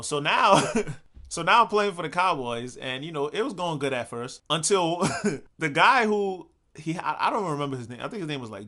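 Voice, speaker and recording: A young man telling a personal story in a casual, animated way, laughing often and swearing casually. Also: a little high.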